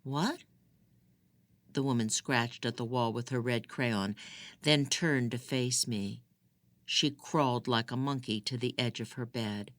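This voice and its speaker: Brief: slow, measured first-person audiobook read, bright tone, dry booth sound. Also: mid-range voice, dry recording. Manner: measured, expressive in dialogue.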